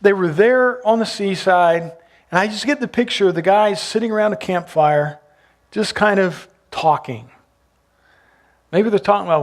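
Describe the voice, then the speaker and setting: A man's voice: high-pitched, normal speed. A man preaching a sermon as pastor, retelling a gospel story and asking his listeners questions. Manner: storytelling, asks the congregation questions.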